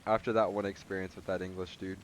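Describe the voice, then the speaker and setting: A man's voice: low-pitched, little pitch movement, fast talker, a little hiss or hum. A young man streaming a game, chatting loosely and telling stories with plenty of swearing. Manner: loose, profane storytelling. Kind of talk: casual gaming chat. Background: faint game music.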